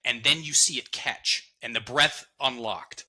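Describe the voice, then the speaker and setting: A man's voice: medium pitch, measured pace, pushed and bright, poor audio. A man talking as a podcast guest, explaining an idea with emphasis and repeating key words. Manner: emphatic, repeats words, quotes others in voices. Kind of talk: conversational teaching.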